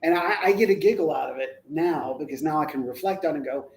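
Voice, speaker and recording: A man in his forties telling a personal family story as a parent on a talk show, earnest and emphatic, breaking into louder, higher bursts at key moments. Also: fast talker, a little hiss or hum, low-quality recording. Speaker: parent of the guest.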